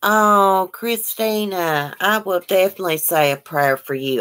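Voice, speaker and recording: A woman's voice: mid-range voice, measured pace, hardly any pauses, fairly bright tone. A woman hosting a casual livestream, greeting viewers by name and chatting about their comments. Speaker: livestream host.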